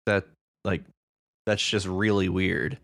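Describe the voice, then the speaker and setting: A man's voice: deep voice, steady tone, slow, vocal fry, a bit bright, dry recording. A man co-hosting a podcast, chatting with enthusiasm about reader stories and laughing easily. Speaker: podcast co-host.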